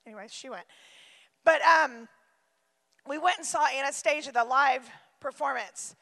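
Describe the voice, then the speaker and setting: A woman's voice: sits high, gravelly, pushed and bright, long reverb tail. A woman pastor preaching a sermon, emphatic and repeating her phrases for effect, often slipping into acted-out quotes and asides.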